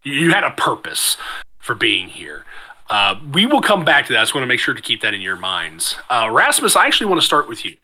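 A man with a very bright, forceful voice narrates a tabletop fantasy game as its game master. His narration is wordy and theatrical, and he pauses often on "uh" while he picks his words. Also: mid-range voice, wildly swooping pitch.

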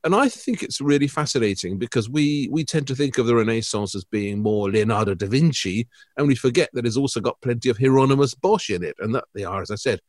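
A man co-hosting an art podcast, talking in a lively, jokey, slightly theatrical way. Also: medium pitch, fast, few pauses, no room sound, clean studio sound. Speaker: podcast co-host. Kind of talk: casual chat.

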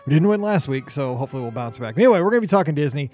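Man, podcast host, upbeat, teasing, slightly high voice, faint music under. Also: expressive, warm tone. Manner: upbeat, joking, quick asides. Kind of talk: casual podcast chat with co-hosts.

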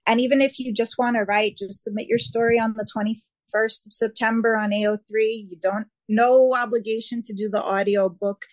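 A woman's voice: a little high, fairly even intonation, normal speed, dry recording. A woman with a New York accent, co-hosting a podcast in casual, chatty talk and laughing easily. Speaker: podcast co-host. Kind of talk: casual chat.

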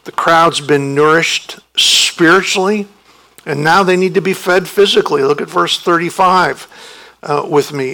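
Male pastor, sermon delivery, slow and measured, bright gravelly tone, emphatic. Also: fairly high pitch, poor audio. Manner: emphatic, rising sharply when voicing the disciples' protests.

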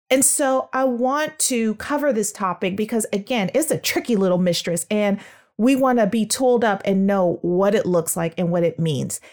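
Woman, 30s, speech-therapist podcast host; bright, slightly high voice, upbeat and emphatic. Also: normal speed. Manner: energetic, playful, emphatic with big pitch swings. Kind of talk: upbeat solo podcast monologue.

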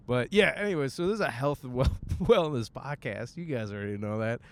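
A man rambling to his listeners from behind the wheel, with a smooth, resonant voice. He jokes at his own expense, swears freely and tosses in silly voiced asides. His pitch sits in the middle of the male range. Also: lively intonation, brisk. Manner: jokey and self-mocking, with frequent swearing and silly voiced asides. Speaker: podcast host. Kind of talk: casual rambling monologue. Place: in a car while driving.

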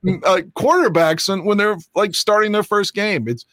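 Excitable, profane man talking football. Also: high voice, normal speed, no echo, studio quality. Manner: excitable, profane, rambling with restarts. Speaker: co-host of a sports fan show. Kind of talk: casual sports chat.

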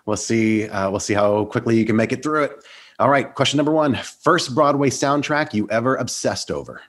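A man hosting an interview, upbeat and laughing often as he fires off quick quiz questions. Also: mid-range voice, fairly bright tone. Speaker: interview host. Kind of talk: podcast interview with quiz round.

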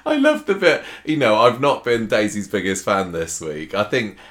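A man's voice: fairly low pitch, big pitch swings, moderate pace, a bit bright. A man co-hosting a chatty podcast, playful and full of puns. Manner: playful, punning, teasing. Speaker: podcast co-host. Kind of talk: casual chat.

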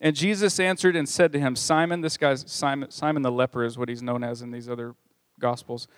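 A man's voice: medium pitch, little pitch movement, a little fast, no room sound. A man preaching a sermon as pastor, reading scripture with a conversational manner and joking asides. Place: church.

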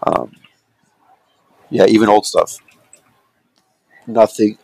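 A man with a very low, gravelly voice, talking loosely and rambling through a casual podcast chat. He leans on fillers and drifting asides. The sound is close and dry. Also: steady tone, slow pace, warm tone, no echo, rough recording. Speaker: podcast co-host.

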